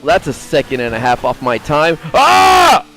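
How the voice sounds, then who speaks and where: A man giving casual, foul-mouthed gameplay commentary, swinging between low mutters and sudden yelps. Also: fairly quick, a bit bright, a little hiss or hum, rough recording. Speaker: gaming streamer.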